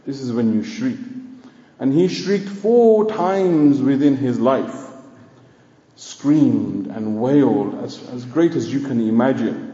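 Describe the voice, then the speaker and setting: Man giving a sermon, warm mellow voice, slow emphatic build-ups, echoey hall, kinda dull sound. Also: medium pitch, animated. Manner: emphatic, drawn-out words and rising exclamations. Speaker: preacher.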